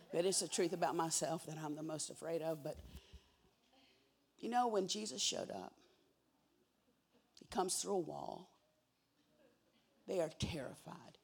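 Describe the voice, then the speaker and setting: A woman preaching a sermon, swinging from hushed whispers to loud, emphatic cries and repeating key words for emphasis. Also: lowish voice, vocal fry, breathy edge.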